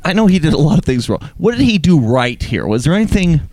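Playful comedian co-hosting a podcast. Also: male voice, fairly high pitch, very animated, quick pace, a little mellow, a little hiss or hum. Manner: playful, mock-earnest teasing. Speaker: podcast co-host. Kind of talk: casual comedy podcast banter.

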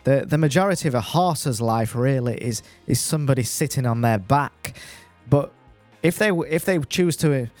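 A man reading a list of facts in a deliberately dry, deadpan voice with wry asides. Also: medium pitch, no echo, faint music behind. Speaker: podcast segment contributor.

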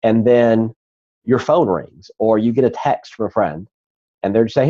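A man's voice: on the low side, moderate pace, mellow, highs cut off. A man, a guest on a talk show, earnestly telling a personal story in conversation.

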